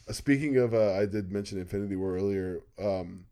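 A man's voice: fairly low pitch, normal speed, warm tone. A young man co-hosting a podcast in casual chat. He rambles enthusiastically and uses a lot of fillers.

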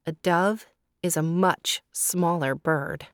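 A woman telling a children's story, gentle and deliberate, pausing to ask her young listeners questions. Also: lowish voice, fairly even intonation, dry recording, studio quality.

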